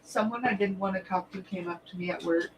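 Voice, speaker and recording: A woman's voice: mid-range voice, fairly quick, low-quality recording. Woman, livestream host, loose chatty delivery, salty language, laughs easily, mid-range voice, faint noise behind. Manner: chatty, profane, laughs often. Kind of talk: casual livestream chat. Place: at home.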